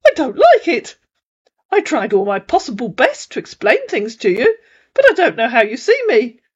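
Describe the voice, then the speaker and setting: A woman's voice: sits high, wildly swooping pitch, normal speed, breathy edge, lo-fi sound, pitched above the performer's own voice, heavily acted. A woman voicing an aggrieved male online scammer posing as a surgeon, protesting in a plaintive, self-righteous way. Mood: tearful.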